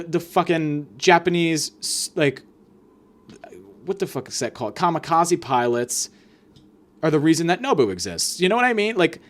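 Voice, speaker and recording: A man hosts a podcast in a profane, sarcastic comedic rant. His voice sits fairly high and leaps widely in pitch, swinging from loud outbursts down to low mutters. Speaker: podcast host.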